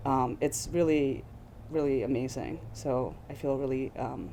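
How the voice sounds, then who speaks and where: A woman's voice: a bass voice, a little slow, slight background noise. Effusive, emotional woman podcast guest. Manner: excited, effusive, laughs often while speaking. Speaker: guest producer. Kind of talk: casual podcast conversation.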